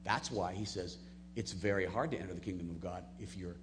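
A man preaching a sermon, moving between soft, low asides and loud, emphatic peaks. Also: brisk, background noise. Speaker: pastor.

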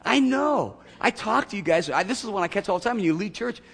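A man preaching in a church sanctuary with a slightly husky voice. His pitch leaps and falls as he moves from loud emphatic peaks to hushed asides. A long reverb trails behind his words. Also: animated, brisk. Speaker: pastor. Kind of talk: sermon.

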